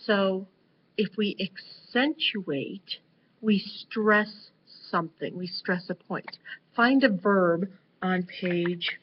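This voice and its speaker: A woman teacher talking through a vocabulary lesson, slow and deliberate with many ums and uhs. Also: medium pitch. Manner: slow, deliberate, with frequent fillers. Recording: dull lo-fi recording with faint noise.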